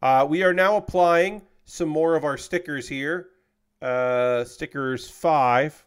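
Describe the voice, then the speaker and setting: A man's voice: a little high, clear, resonant tone. Chatty man rambling while building a model kit. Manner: rambling, talkative, swears casually. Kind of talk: casual chat.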